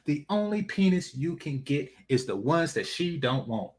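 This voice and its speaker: A man's voice: a little high, sing-song, moderate pace, hardly any pauses, darkish tone. A man hosting a reaction commentary, mocking and repetitive with plenty of profanity. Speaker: commentary channel host.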